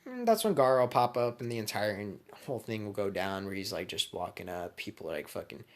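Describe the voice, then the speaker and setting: Deep-voiced young man telling crude stories. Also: expressive, fairly quick. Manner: crude, slangy, rambling. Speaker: vlogger. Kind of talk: comedic storytelling.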